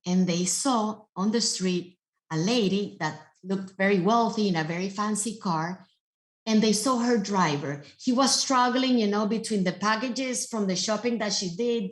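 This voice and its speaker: Animated woman speaker in a roomy hall. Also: medium pitch. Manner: animated storytelling, emphatic. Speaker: motivational speaker. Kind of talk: keynote talk.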